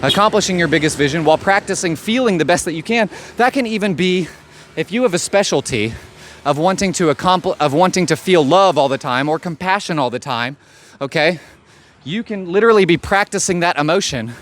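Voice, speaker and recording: A man's voice: on the high side, expressive, a little fast, a bit bright. A man giving a blunt, profane motivational monologue as a life coach. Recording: faint street noise behind.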